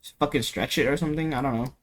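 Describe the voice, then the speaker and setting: A man's voice: medium pitch, rapid-fire, slight background noise. A young man giving a casual, rambling music production tutorial at home, full of slang, fillers and swearing, into a cheap desk mic. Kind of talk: casual screen-recorded tutorial.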